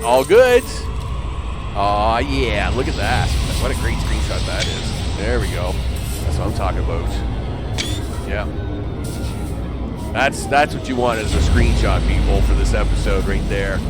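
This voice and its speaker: A man giving casual let's play commentary, chatty and playful with frequent laughs. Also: medium pitch. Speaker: gaming video creator.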